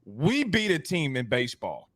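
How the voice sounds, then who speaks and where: A man's voice: on the high side, no room sound. A man hosting a sports talk show, telling stories animatedly in a slangy, casual way. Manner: animated, fast storyteller with slangy asides. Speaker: podcast host.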